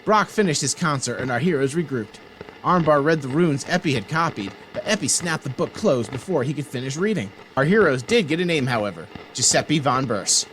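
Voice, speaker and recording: A man's voice: mid-range voice, animated, brisk, a bit bright, a little hiss or hum. A man playing in a tabletop game, rambling with sheepish hesitations. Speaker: player. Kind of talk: tabletop role-play and recap narration.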